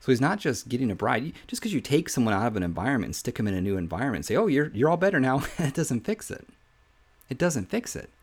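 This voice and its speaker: A man hosting a devotional podcast who teaches scripture earnestly and drops to a soft hush when quoting verses. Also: medium pitch, very animated, fast, breathy edge. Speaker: podcast host and Bible teacher.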